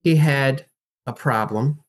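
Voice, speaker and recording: A man with a mid-range voice speaks slowly as a guest in a casual interview. He's an acting and life coach who talks emphatically and animatedly, teaching through rhetorical questions.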